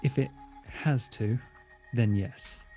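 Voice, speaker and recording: Low gravelly guy playing his vampire character, solemn and measured, mellow tone. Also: faint music behind. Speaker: tabletop role-play player. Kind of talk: in-character tabletop role-play.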